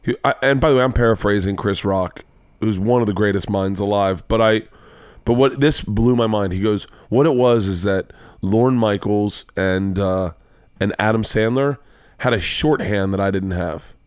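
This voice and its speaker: A man's voice: on the low side, normal speed, smooth, no echo, clean studio sound. A man hosting a casual podcast chat, telling stories with lots of energy and acting out other people's lines in a raised voice. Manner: animated, acts out quotes in a raised voice, swears. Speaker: podcast host. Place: home studio.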